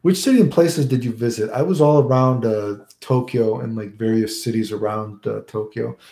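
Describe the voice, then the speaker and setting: A man's voice: mid-range voice, moderate pace, dark tone, reverberant. A man chatting casually on a stream, rambling and answering viewer questions, often tagging "right?" onto his sentences. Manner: rambling, keeps adding "right?".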